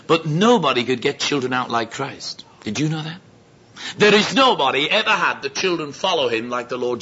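A man preaching a sermon, telling stories and acting out the voices of the people in them. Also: mid-range voice. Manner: lively, acts out quoted voices. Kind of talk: sermon with storytelling. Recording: dull lo-fi sound with faint noise.

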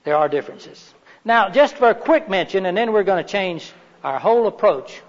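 His voice is high with lively intonation and a moderate pace as this middle-aged workshop lecturer speaks live. Folksy and talkative, he frequently asks the audience questions; the meeting room, with its windows and heater, gives a dull, reverberant sound.

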